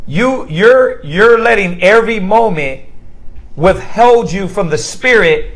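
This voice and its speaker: High-voiced man teaching a Bible class. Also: animated, takes it slowly, a bit bright, low-quality recording. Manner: conversational, asks the group rhetorical questions; informal slang, repeats words as he restarts.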